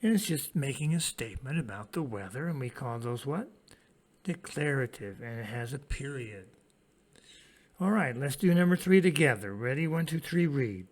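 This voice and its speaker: A man teaching an English grammar lesson to children, prompting his pupils to repeat lines and pausing for their answers. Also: mid-range voice. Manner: lively, sing-song classroom delivery.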